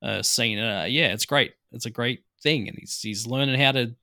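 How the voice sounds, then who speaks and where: A man's voice: mid-range voice, normal speed, bright, forceful tone. A man co-hosting a casual movie podcast, rambling with many fillers and laughing easily. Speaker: podcast co-host. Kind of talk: casual movie-review chat.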